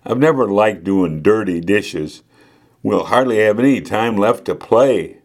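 A man's voice: on the low side, lively intonation, unhurried, darkish tone. A man voicing a young girl who whines and complains about doing the dishes. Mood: whiny. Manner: whiny, complaining.

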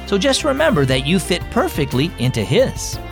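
A man's voice: sits high, wildly swooping pitch, normal speed, vocal fry, music in the background. A man hosting a children's devotional show, reading a story in a cheerful, upbeat scripted narration. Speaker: host.

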